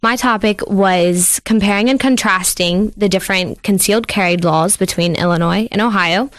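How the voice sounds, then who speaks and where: A woman's voice: mid-range voice, normal speed, dry recording. Earnest teenage girl radio guest. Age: teens. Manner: polite, prepared, earnest. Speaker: student guest. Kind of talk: radio interview answers. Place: radio studio.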